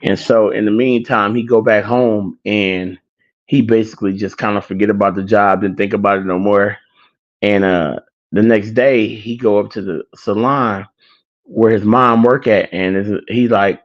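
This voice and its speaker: A man's voice: on the low side, fairly even intonation, normal speed, muffled recording. A man hosting his own show who casually tells a story, rambling with plenty of filler. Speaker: show host.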